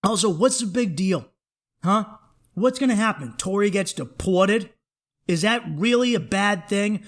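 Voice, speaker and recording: A man's voice: high voice, expressive, measured pace. A man hosting a comedy podcast, ranting in a worked-up, profane, emphatic way.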